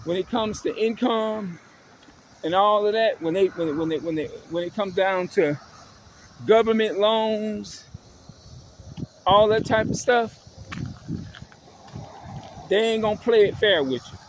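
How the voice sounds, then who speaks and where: A man's voice: sits high, a little slow, pauses often, slight background noise. A man ranting in an emphatic, repetitive monologue to his viewers, swearing as he drives his points home. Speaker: vlogger.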